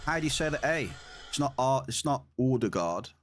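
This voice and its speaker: A man's voice: medium pitch, lively intonation, fairly quick, a little hiss or hum. A man live-streaming a game, chatting casually and laughing at his own attempts to pronounce words. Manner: laid-back, chatty, laughs at own pronunciation.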